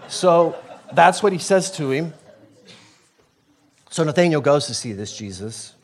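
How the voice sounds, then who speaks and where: Preaching with a relaxed pace, a pastor speaks in a voice on the high side. He keeps the sermon conversational and animated, often starting sentences over and breaking off into side explanations.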